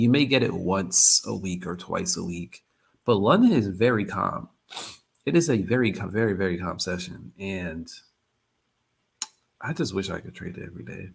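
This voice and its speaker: A man hosts a live trading session in a loose, chatty way and keeps circling back to repeat himself. His voice sits low and has a gravelly, fry-laden texture. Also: expressive, normal speed. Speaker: trading livestream host. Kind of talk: casual live-stream chat.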